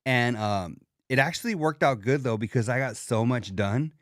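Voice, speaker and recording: A man's voice: mid-range voice, normal speed, no room sound, clean studio sound. A man hosting a casual podcast chat in slangy talk, often acting out the lines he quotes. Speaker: podcast host.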